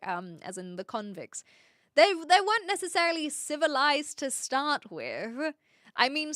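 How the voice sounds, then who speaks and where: A woman's voice: on the high side, fairly bright tone, dry recording, studio quality. A woman streamer chatting casually with viewers, rambling and correcting herself with lots of fillers. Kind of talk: casual chat answering viewers.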